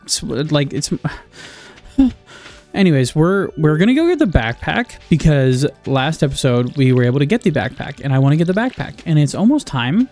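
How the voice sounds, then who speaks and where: This gaming video creator, a young man, talks at a moderate pace in a fairly high, darkish voice whose pitch swings widely, with faint music in the background. His let's-play commentary is loose and rambling, full of sarcasm and swearing, and he keeps interrupting himself before finishing a thought.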